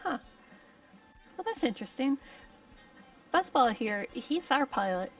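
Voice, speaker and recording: A woman playing her character at a tabletop game, chatty and animated. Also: high voice, unhurried. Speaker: player. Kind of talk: in-character tabletop role-play. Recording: dull, distant mic with background music.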